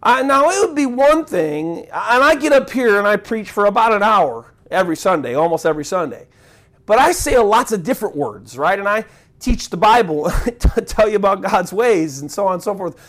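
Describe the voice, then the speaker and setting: A pastor delivers a sermon in an animated, conversational style, acting out crowd voices and chants. He often restarts his sentences and makes asides to the congregation. His voice is high and his pace moderate.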